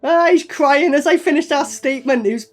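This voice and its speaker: A man's voice: extremely high pitch, a little fast. A man reviewing a movie in sarcastic, mocking commentary full of swearing. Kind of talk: profane commentary over film clips.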